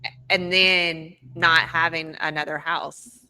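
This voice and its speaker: A woman hosting a podcast, asking questions haltingly with many restarts and fillers. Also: deep voice, flat delivery, pushed and bright, clear, resonant tone. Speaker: podcast host. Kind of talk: podcast interview.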